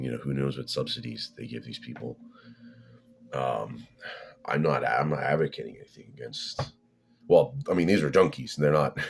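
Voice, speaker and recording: Very deep-voiced man ranting casually. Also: vocal fry, slightly rough. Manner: rambling and opinionated, many restarts and profanity. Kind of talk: casual rambling monologue.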